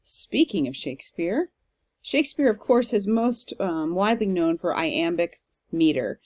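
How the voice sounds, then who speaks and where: A woman's voice: on the low side, expressive, measured pace, a little mellow. A woman teacher giving a recorded lecture, explaining step by step with some fillers and reading verse aloud with strong stress. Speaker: literature teacher.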